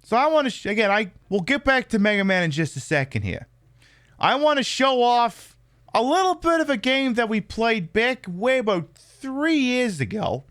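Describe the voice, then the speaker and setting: A man's voice: very high voice, very animated, moderate pace, a bit bright, no echo, studio quality. A man hosting a live game stream, chatting casually and cracking crude jokes.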